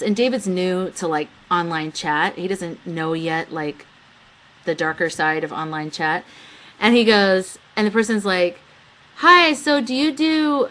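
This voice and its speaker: A young woman hosts her own live webcam show, talking loosely to her viewers. She giggles often, reads chat messages out, and slips into quick quoted voices when retelling a story. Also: on the low side, fairly bright tone. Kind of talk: casual live-stream chat.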